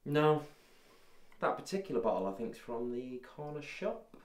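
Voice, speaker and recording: An actor playing a wry father who talks in a hushed way late at night, in a film drama. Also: mid-range voice, big pitch swings, normal speed, reverberant, natural voice.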